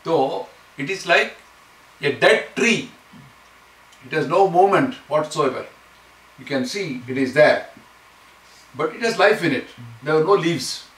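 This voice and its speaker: A man teaching a scripture class, explaining Sanskrit verses word by word and chanting lines slowly. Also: fairly high pitch, animated, a bit bright. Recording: echoey room, mic far off, faint noise.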